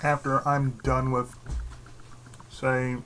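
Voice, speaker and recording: A man ranting in a casual vlog from his bedroom, rambling and sarcastic, who keeps slipping into mocking high voices and laughing. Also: monotone, takes it slowly, a bit bright, slight background noise. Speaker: YouTube channel host. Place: his own bedroom setup.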